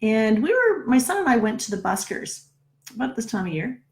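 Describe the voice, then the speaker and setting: A woman's voice: a little high, very animated, brisk. A middle-aged woman, a numerologist, telling a personal story in a casual, chatty way, often checking in with "right?". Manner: chatty, keeps asking "right?".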